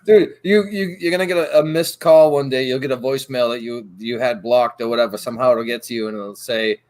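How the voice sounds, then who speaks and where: A man's voice: medium pitch, fairly even intonation, a little fast, hardly any pauses, darkish tone. A man co-hosting a podcast, teasing his friend and steering the casual chat with easy laughter. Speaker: podcast co-host.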